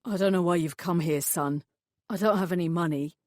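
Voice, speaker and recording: A quiet, subdued middle-aged father, nervous and full of guilt, as a woman puts him on in an audiobook. He speaks a little lower than the narration, close and dry. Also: a little fast, no echo, close to an everyday voice. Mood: tense.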